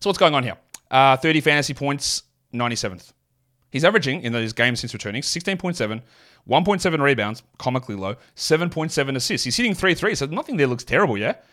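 A mid-pitched man from Australia with a mild Australian accent, hosting a solo sports podcast. He rattles off statistics quickly and breaks them up with casual asides. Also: lively intonation, a bit bright. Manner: rapid stat-heavy delivery with asides. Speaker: fantasy basketball podcast host.

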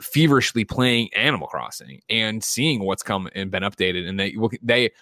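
Guy hosting a games podcast, kinda low voice, dry mic, talks fast and restarts a lot. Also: dry recording. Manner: animated, restarts often, reads listener mail. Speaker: podcast host. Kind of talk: casual gaming news chat.

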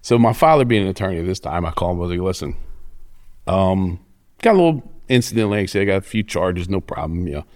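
A man's voice: sits low, fast talker. A middle-aged man, telling stories as an interview guest in a profane, cocky way. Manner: profane, cocky, animated storyteller. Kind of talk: casual storytelling.

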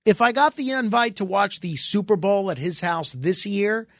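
A man's voice: high voice, normal speed, a bit bright, dry recording. A man hosting a talk radio show, giving opinionated commentary with sarcastic, mock-exasperated asides into a studio microphone.

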